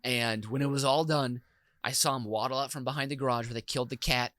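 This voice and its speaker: A man hosting a podcast, telling animated and profane stories in casual chat. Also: medium pitch, quick pace, no room sound. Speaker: podcast host.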